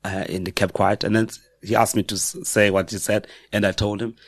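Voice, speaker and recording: Telling personal stories as a podcast guest author, a middle-aged man with a South African accent speaks in a fairly low voice with little pitch movement. He is reflective and halting, often correcting himself mid-sentence, and the recording is dry and close, with no echo and little room reflection.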